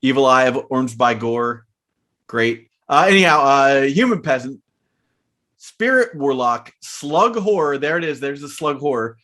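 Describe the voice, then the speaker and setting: A man co-hosting a casual podcast, reading card text aloud and chatting in a relaxed way with plenty of fillers. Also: medium pitch, a little slow. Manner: laid-back, reads card text aloud, frequent fillers. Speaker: podcast co-host. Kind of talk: casual chat about card game spoilers.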